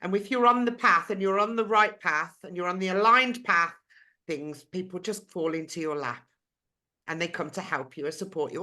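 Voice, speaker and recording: A woman's voice: lowish voice, moderate pace, pushed and bright. A woman hosting a podcast, chatting and affirming her guest in conversation. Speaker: podcast host.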